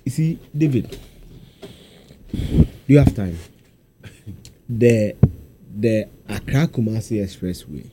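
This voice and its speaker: Animated male radio co-host. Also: on the low side, takes it slowly, long pauses, noisy background. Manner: animated, questioning, calls the other host by name. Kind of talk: casual studio discussion.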